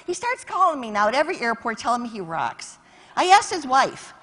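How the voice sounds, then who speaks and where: A woman giving an energetic motivational keynote speech at a conference, telling stories and acting out conversations. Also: fairly high pitch, a little fast. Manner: energetic, animated, acts out quotes. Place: conference stage.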